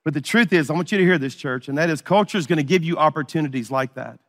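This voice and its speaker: A man's voice: fairly high pitch, quick pace, fairly bright tone, long reverb tail. A middle-aged man preaching a sermon, telling a story and acting out the dialogue. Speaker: pastor.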